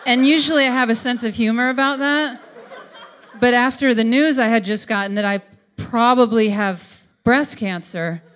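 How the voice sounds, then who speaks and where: A woman's voice: on the high side, normal speed, a bit bright. A woman telling a confessional monologue, wry and laughing through grim news.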